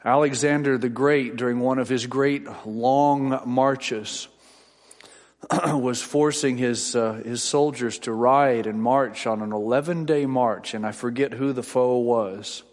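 Middle-aged male preacher, folksy and wry, storytelling sermon, mid-pitched, long hall reverb. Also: fairly even intonation, slow. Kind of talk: sermon with personal anecdotes.

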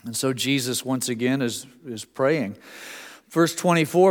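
A man's voice: mid-range voice, measured pace, in a large hall. A man preaching a sermon as pastor, talking in a conversational way with restarts and repeated words.

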